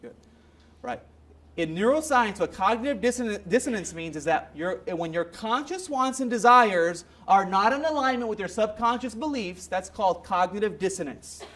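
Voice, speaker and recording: A man giving a motivational seminar talk, telling stories in an animated way. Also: high-pitched, moderate pace. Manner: animated storytelling with acted quotes. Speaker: motivational speaker.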